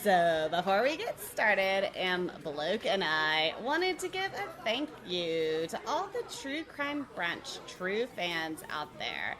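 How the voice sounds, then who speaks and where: A woman's voice: on the low side, big pitch swings, takes it slowly, hardly any pauses, crowd noise. A woman co-hosting a comedy show, trading sassy, sarcastic scripted banter. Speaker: podcast co-host.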